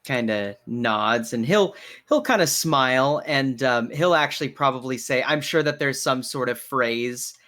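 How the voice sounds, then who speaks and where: Slow-talking man running a tabletop game. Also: mid-range voice, pushed and bright. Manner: rambling, many fillers and restarts. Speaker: game master.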